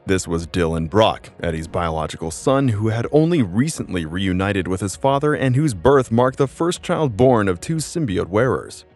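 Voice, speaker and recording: Low-voiced male comic narrator. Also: lively intonation, normal speed, few pauses, darkish tone, soft background music. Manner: dramatic storytelling. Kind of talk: dramatic scripted narration.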